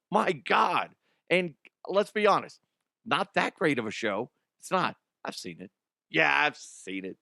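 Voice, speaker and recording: A man's voice: on the high side, very animated, a little slow, creaky, bright, forceful tone, dry recording, clean studio sound. A man hosting a comedic news show, talking in a rambling, profane way with frequent laughter. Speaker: podcast host.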